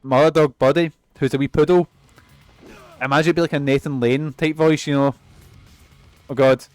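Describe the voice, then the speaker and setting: Sweary streamer. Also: male voice, fairly high pitch, steady tone, normal speed, darkish tone, no echo, soft background music. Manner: rambling and sweary, laughs often. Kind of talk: casual gameplay commentary.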